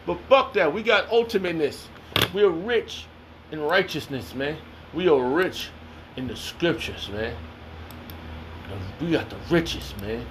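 A man's voice: fairly high pitch, unhurried, pauses often, a bit bright, a little hiss or hum. A man reading scripture aloud and commenting on it in a heated, confrontational, slangy way. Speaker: self-styled preacher.

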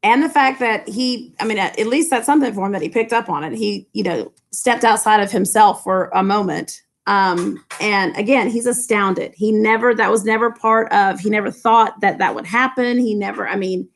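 A woman's voice: medium pitch, normal speed, few pauses. A woman English teacher casually explaining a novel to her students, chatty and full of fillers.

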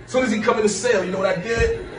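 A man's voice: high-pitched, steady tone, fast. A man animatedly telling a story about a fight, acting out the voices and sound effects. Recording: roomy distant clip with music.

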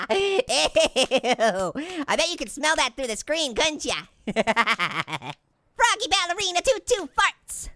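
In heavily acted excited gameplay commentary, a let's-play host performs a gleeful cartoon prankster: a hyper talking orange fruit who giggles, acts goofy, and cracks jokes nonstop. The voice is high, pushed, and bright, with no echo.

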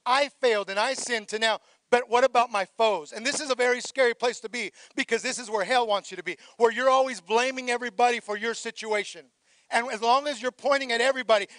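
A male pastor preaching a sermon, rising into shouted calls for praise and dropping quiet for reflective passages. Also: very high-pitched, fairly quick, no echo.

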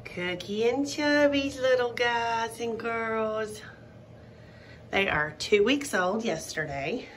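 A woman showing a litter of puppies in a casual vlog, talking softly and often dropping to a cooing whisper. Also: on the high side, slow, very noisy. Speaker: dog breeder showing puppies.

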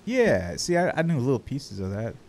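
A man's voice: medium pitch, big pitch swings, normal speed, darkish tone, a little hiss or hum. A man chatting casually on a live game stream, playful and joking, swearing freely. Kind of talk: casual live-stream chat while gaming.

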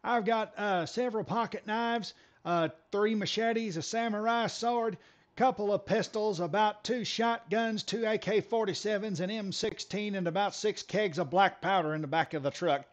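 A man's voice: high voice, expressive, pitched above the performer's own voice. A man putting on a toothless, rambling old country geezer. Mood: matter-of-fact. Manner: drawling, halting, stammering.

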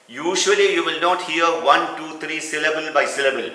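In an echoey room with the microphone far off, a man teaches medicine, breaking a clinical lecture into steps and going back over key terms. His fairly high voice comes at a moderate pace, pushed and bright.

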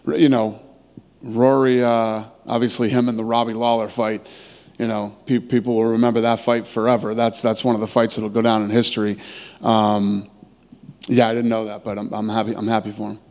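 A man's voice: lowish voice, little pitch movement, a little fast, a little mellow. Blunt middle-aged man in reverberant room. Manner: blunt, casual, restarts words often. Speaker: promoter answering press questions. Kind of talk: press conference answers. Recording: long reverb in a big room.

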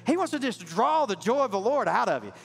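A man's voice: very high-pitched, big pitch swings, fairly quick, vocal fry, slightly rough. A man preaching a sermon to his congregation, emphatic and calling out to the people. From Southern US. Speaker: pastor. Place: large church sanctuary. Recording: reverberant church hall, faint music.

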